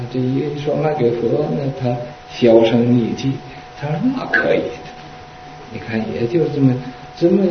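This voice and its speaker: A man, a Buddhist monk teacher, telling a story in an unhurried dharma talk with frequent fillers. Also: medium pitch, slight background noise. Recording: echoey, distant, dull lo-fi recording.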